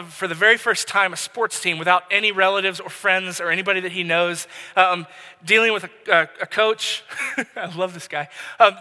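A man's voice: high voice, sharp tone. A man in his thirties, a pastor preaching a sermon, telling a personal story in a conversational way with many restarts. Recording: long hall reverb.

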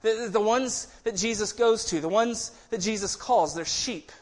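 A man's voice: high voice, moderate pace, hardly any pauses. A man preaching a sermon in a conversational way, often restarting phrases and acting out quoted voices. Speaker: pastor.

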